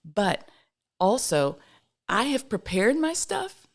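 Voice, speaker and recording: A woman's voice: fairly high pitch, big pitch swings, takes it slowly. A woman, a pastor co-hosting a casual live podcast from her bedroom, talking hesitantly and restarting her sentences. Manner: hesitant, self-interrupting. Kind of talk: casual live-stream chat. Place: home bedroom.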